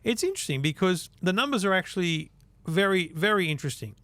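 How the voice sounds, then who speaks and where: A man's voice: sits high, animated, quick pace, a bit bright, dry recording. A man co-hosting a tech podcast, wryly talking through figures in a casual way. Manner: wry, reads out figures conversationally. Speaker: podcast co-host.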